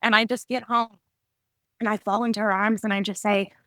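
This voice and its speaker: Woman in her 30s telling her story, mid pitch, lots of "like", dry close sound. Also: little pitch movement, fairly quick, bright, forceful tone, dry recording. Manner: candid, vivid retelling with frequent "like" fillers. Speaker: guest, psychic medium and artist. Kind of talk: personal storytelling in a podcast interview.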